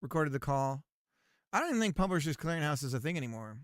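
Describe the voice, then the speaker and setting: A male streamer chatting casually with a high, clear and resonant voice. He rambles through his stories with a sarcastic edge. The close mic sounds completely dry. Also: big pitch swings, quick pace, dry recording. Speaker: game dev streamer. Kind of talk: casual live-stream chat.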